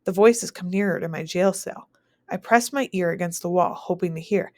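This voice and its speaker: Lower-voiced woman reading a novel aloud. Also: moderate pace, no room sound, studio quality. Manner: steady first-person read-aloud with small slips. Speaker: teacher.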